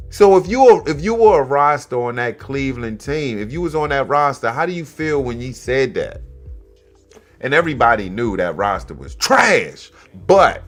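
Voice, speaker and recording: A man hosting a comedy commentary show, animated and mocking, swinging between loud exclamations and low mutters. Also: moderate pace, faint music behind. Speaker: host.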